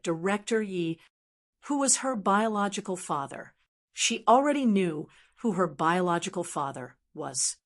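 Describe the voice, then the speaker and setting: Woman narrating a web-novel audiobook. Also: medium pitch. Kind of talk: scripted narration.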